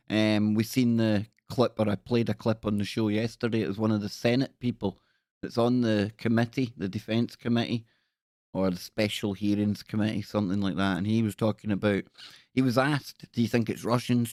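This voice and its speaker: A man's voice: lowish voice, darkish tone, no echo, clean studio sound. A man hosting a casual live stream, chatty and jokey, greeting viewers by name.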